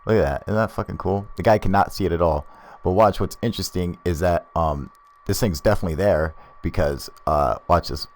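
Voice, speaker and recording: Brief: low-voiced male host, chatty and profane, hyped over clips. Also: brisk. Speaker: video host. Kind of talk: casual video commentary.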